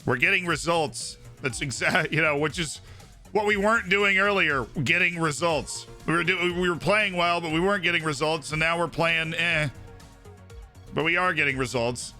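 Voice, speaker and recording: A male streamer giving lively, excitable commentary on a football management game as he plays live, shouting at his players on screen. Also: on the high side, moderate pace, soft background music.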